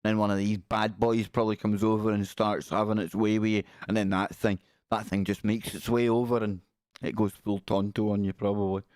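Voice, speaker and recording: A man's voice: on the low side, little pitch movement, fairly quick, a little mellow, no echo, studio quality. A man hosting a live stream, chatting casually and joking as he reacts to pictures. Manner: jokey, reacting aloud to pictures with quips. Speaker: livestream host.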